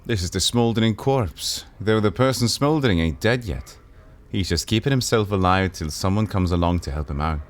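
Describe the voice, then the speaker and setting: A man's voice: on the low side, normal speed, hardly any pauses, close to an everyday voice. Man putting on a despairing sardonic woman. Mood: weary sardonic. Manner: wistful, then frantic and pleading. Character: despairing, sardonic woman, aging, bruised tavern regular.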